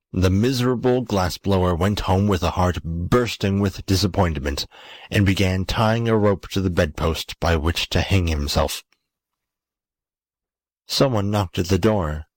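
A man narrating a classic story as an audiobook, calm and even. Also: low-pitched, no room sound.

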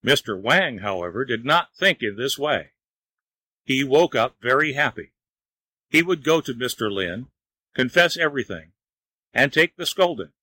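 A man narrating a storybook tale in a measured, even reading voice. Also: mid-range voice, dry recording, poor audio.

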